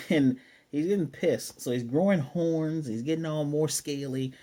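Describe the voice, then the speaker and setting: A man giving a casual, excitable episode review in slangy speech, swearing and acting out the scenes as he retells them. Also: fairly high pitch, unhurried. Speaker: anime reviewer.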